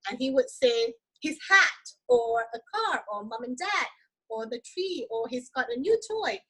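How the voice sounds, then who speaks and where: A woman coach with a notably high voice talks with lively enthusiasm as an interview guest. She leans on "like" and adds tag questions to draw the host in. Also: measured pace, breathy edge, rough recording. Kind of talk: casual interview chat.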